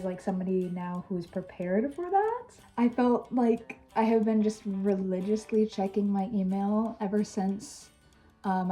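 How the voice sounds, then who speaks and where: A woman's voice: mid-range voice, mellow, rough recording. A young woman chatting casually in a vlog, candid and full of fillers like "um" and "like". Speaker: vlogger.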